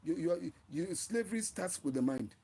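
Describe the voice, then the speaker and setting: A man's voice: sits high, expressive, normal speed, dark tone. A man hosting his own channel, giving an impassioned, preachy live-stream talk and often repeating and restarting his phrases. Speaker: channel host.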